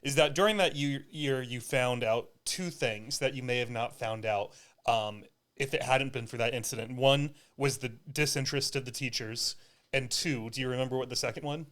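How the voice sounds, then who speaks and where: A man's voice: medium pitch, normal speed, fairly bright tone. A man hosting a podcast, reacting to his guest with short questions and laughs in a casual interview. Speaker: podcast host.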